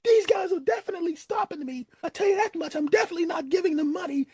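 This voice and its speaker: A man's voice: very high voice, animated, quick pace, a little mellow, slight background noise, pitched above the performer's own voice. A man voicing an indignant young guy who is held back and protests in a whiny way.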